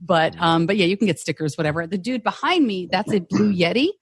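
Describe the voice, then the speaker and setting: A woman hosting a podcast, talking in a chatty, animated way and laughing often, recorded on a desk mic at home. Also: lowish voice, brisk, breathy edge, no echo, studio quality. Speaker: podcast host. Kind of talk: casual group chat. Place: home studio. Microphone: desk microphone on a stand.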